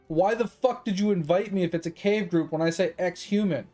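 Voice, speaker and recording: A man with a high voice and a dark, mellow tone rants while he streams a game. He swears and vents, then laughs it off. Faint music plays underneath. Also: moderate pace, hardly any pauses. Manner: frustrated ranting, swearing, laughing it off. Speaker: gaming streamer. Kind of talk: live-stream venting while playing.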